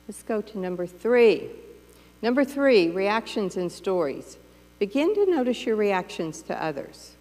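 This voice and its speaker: A woman's voice: medium pitch, big pitch swings, unhurried, darkish tone, in a large hall. A woman pastor giving a sermon in a conversational, playful way, acting out the voices of everyday thoughts. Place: church sanctuary.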